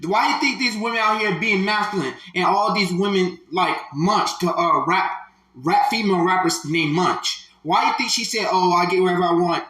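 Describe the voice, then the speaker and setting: A man giving slow, emphatic, preachy commentary on a clip, repeating his phrases. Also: high voice, bright, forceful tone, reverberant, low-quality recording.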